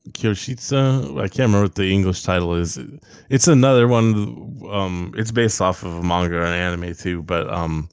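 A man with a lowish, smooth voice talks through a film in a loose, rambling way, stacking filler words and swearing casually. The sound is dry and close, with no room around it. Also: normal speed, no room sound. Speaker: podcast co-host reviewing a movie. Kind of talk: casual chat.

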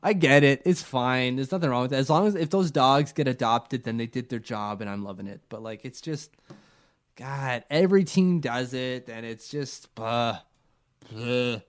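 Young guy riffing on hockey w a buddy, jokey, keeps doing goofy voices, mid-pitched. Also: moderate pace. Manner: joking, acts out silly voices. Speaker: podcast co-host. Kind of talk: casual sports chat.

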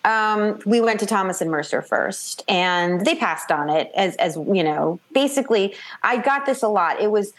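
A woman author talking casually in an interview, chatty and animated, acting out quoted voices as she tells her story. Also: medium pitch, moderate pace, few pauses. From New York / New Jersey. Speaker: author guest.

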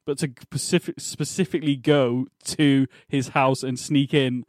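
A man co-hosting a podcast in a loose, casual chat, his thoughts wandering and doubling back as he talks them through. His voice sits at an ordinary middle pitch. The sound is dry and close, with no room around it. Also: fairly even intonation, a little slow, dry recording. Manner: rambling, self-correcting, thinking aloud. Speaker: podcast co-host. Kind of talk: casual chat reviewing a TV episode.

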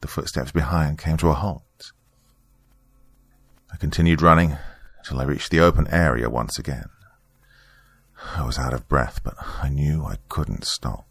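A man narrating a first-person horror story in a steady, grave way. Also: extremely low pitch, creaky, no room sound.

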